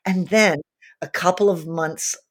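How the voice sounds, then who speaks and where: A woman with a raspy, soulful voice, chatting casually as a guest singer and telling stories in an animated way with quick restarts. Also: lowish voice. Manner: animated storyteller, frequent restarts and laughs. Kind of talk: casual interview chat.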